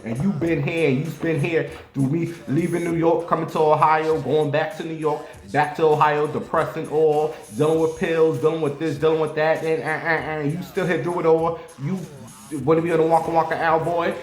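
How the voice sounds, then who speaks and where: A man talks loosely and profanely to his viewers, now and then jumping up into a playful squeal. His voice sits a bit high. The sound is roomy and echoey, like a bare room at home. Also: flat delivery, moderate pace. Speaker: vlogger. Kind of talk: casual chat to viewers. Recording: roomy echo.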